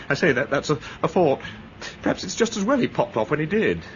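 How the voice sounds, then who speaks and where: An actor playing a bitter, touchy English ex-soldier with an edgy, resentful manner, in an old radio drama. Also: male voice, fairly high pitch, very animated, slight background noise. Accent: upper-class English. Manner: edgy, resentful, quick to flare up. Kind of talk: 1930s-style radio drama acting. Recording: dull old radio recording.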